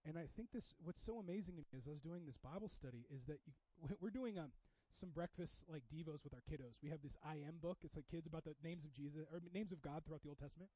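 A man with a high voice preaches with passion, his delivery swinging from hushed, intimate stretches to loud, urgent ones. The sound is dry and close, with a slightly dull, muffled tone. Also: quick pace, hardly any pauses, no room sound. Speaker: pastor. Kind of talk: sermon.

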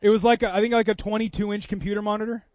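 A man in his thirties preaching a sermon, telling stories with swings from loud bursts to quiet moments. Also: high-pitched, racing, dry recording, dull audio. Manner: animated storytelling, swings from loud to soft. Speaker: pastor.

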